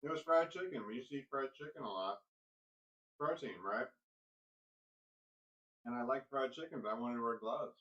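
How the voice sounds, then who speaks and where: A man telling a personal story in a rambling, halting way, often restarting his sentences. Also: medium pitch, fairly bright tone, far from the mic, highs cut off.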